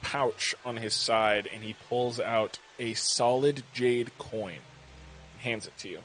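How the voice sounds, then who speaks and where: A man narrating a tabletop game as game master, relaxed and with fillers. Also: mid-range voice, takes it slowly, a little hiss or hum.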